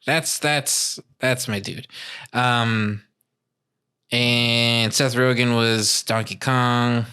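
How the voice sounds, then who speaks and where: A man co-hosting a podcast in casual chat, laid-back and quick to laugh. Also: mid-range voice, fairly even intonation, bright, forceful tone, smooth. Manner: laid-back, laughs often, puts on mock Italian accents. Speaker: podcast co-host.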